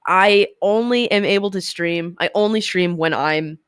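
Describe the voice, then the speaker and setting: A woman's voice: on the low side, a little slow, clean tone, no room sound, studio quality. A woman streamer chatting candidly as an interview guest, rambling a little and laughing often. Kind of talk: casual interview chat.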